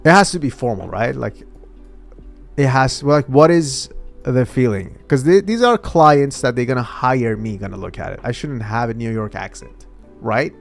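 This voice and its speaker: A man's voice: mid-range voice, expressive, normal speed, vocal fry, faint music behind. A man vlogging and thinking aloud in a casual, hesitant way, often trailing off mid-thought.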